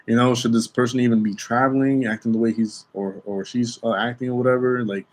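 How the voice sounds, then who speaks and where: A man's voice: medium pitch, steady tone, a little fast. A young man, an airport security officer, telling a work story to his viewers in a chatty way, often checking in with "okay?" and restarting his sentences. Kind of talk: casual storytelling vlog.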